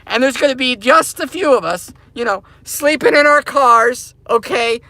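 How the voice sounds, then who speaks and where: A man rants to his viewers from his parked car, hammering the same points over and over like a preacher. His voice sits high and bright with a gravelly edge. The sound is close and dry. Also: normal speed, dry recording. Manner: repetitive, emphatic, preachy. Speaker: crypto mining channel host. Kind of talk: casual ranting monologue to viewers.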